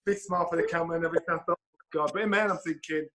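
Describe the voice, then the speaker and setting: A middle-aged man, telling a story in an animated way, swearing and acting out the lines he quotes. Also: fairly high pitch, rapid-fire, poor audio. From England. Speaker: guest storyteller. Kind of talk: anecdotal storytelling.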